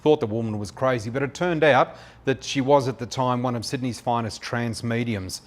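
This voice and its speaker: An Australian man in his fifties, a psychic flower reader telling his story in a chatty, anecdotal way with many filler pauses. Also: medium pitch. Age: 50s. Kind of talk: personal storytelling monologue.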